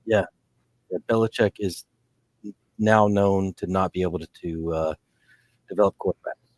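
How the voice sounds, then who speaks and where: A man's voice: deep voice, steady tone, normal speed, darkish tone, dry recording. A man co-hosting a podcast in casual chat, rambling and restarting his sentences often. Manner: rambling, full of restarts and fillers. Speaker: podcast co-host. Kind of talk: casual fantasy sports chat.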